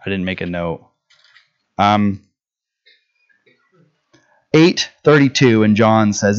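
A man's voice: fairly low pitch, lively intonation, slow pace, long pauses, clear, resonant tone, lo-fi sound. A man preaching a sermon in a conversational way, often checking in with "right?" and restarting his words.

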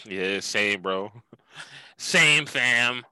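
Young male podcast host, relaxed and profane, lively bright delivery. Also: fairly low pitch, extremely slow, clear, resonant tone, no room sound, poor audio. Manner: laid-back, swears a lot, says dude often. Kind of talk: casual chat.

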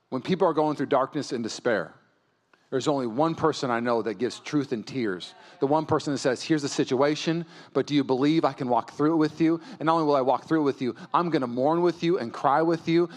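A male pastor delivering a sermon in a church, moving from quiet storytelling to loud, impassioned preaching. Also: mid-range voice.

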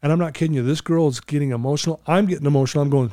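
A man's voice: a little high, very fast, dark tone, no room sound, clean studio sound. A man in his fifties, a recovery coach, telling a personal story as a podcast guest in an earnest, emotional way, laughing easily.

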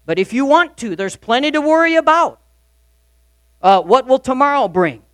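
A man preaching a sermon as pastor, emphatic, swinging between loud urgent lines and quiet confiding ones. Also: very high-pitched, big pitch swings, normal speed, dry recording.

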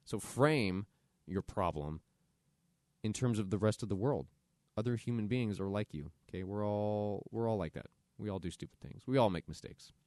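A man's voice: lowish voice, normal speed, mellow, no echo, clean studio sound. A man hosting a solo podcast, talking earnestly and conversationally about self-compassion as motivational advice. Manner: earnest, conversational, acts out quoted inner voices. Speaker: podcast host.

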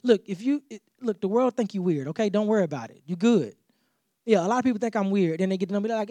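A man's voice: high voice, fast talker, no room sound. A man preaching a sermon as pastor, talking in a loose conversational way, repeating himself and acting out little dialogues. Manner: animated, conversational preaching with repetitions and acted-out dialogue.

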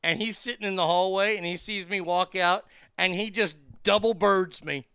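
Gravelly, profane man telling stories. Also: sits high, normal speed, no echo, clean studio sound. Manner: animated, profane, lots of fillers and restarts. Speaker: comedian and podcast guest. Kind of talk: casual storytelling.

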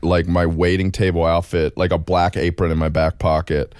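Deep-voiced man telling a lively story. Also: moderate pace, smooth, no room sound, clean studio sound. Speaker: comedy writer guest. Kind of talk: casual chat.

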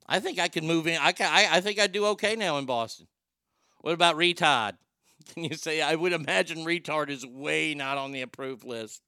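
A man's voice: a little high, normal speed, bright, forceful tone, smooth, no room sound. A man hosting a comedy show, talking casually in a sarcastic, profane, rambling way. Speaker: host.

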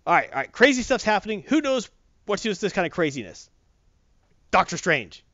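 A man casually recapping a comic book, animated and rambling, correcting himself as he goes. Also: on the high side, fast, no echo, lo-fi sound.

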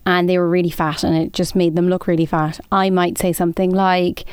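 Blunt, chatty woman, smooth voice. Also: on the low side, flat delivery, fairly quick, hardly any pauses, no room sound, studio quality. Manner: blunt, chatty, reads listener letters aloud. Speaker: podcast co-host. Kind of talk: casual chat.

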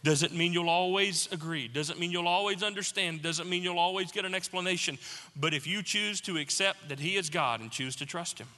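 A man preaching a sermon, telling a personal story with animated mock panic before slowing into an earnest appeal. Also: high voice, in a large hall. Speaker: pastor.

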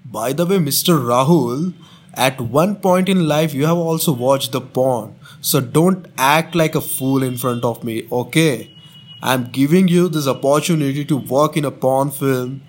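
A man making a prank phone call, insistently pitching a fake casting offer. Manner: insistent, smooth-talking recruiter pitch. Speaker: prank caller.

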